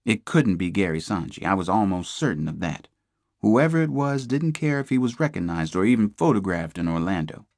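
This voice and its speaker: A man reading a crime thriller aloud in the first person, with measured, tense storytelling. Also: sits low, very animated, gravelly, a little mellow, dry recording, clean studio sound. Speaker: audiobook narrator. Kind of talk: scripted first-person narration.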